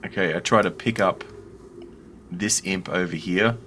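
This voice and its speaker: A man playing a tabletop game, describing his character's actions and sometimes bellowing loudly in character. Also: low voice, unhurried, slight background noise. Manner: bursts into loud bellowing when in character. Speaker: player.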